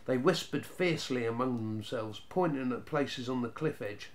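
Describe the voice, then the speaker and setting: A man narrating a children's storybook in a steady, even reading voice. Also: medium pitch, moderate pace, few pauses.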